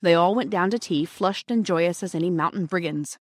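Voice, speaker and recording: A woman reading a classic children's storybook aloud in a gentle, measured way. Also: fairly low pitch, no room sound, studio quality. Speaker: audiobook reader. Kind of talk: storybook narration.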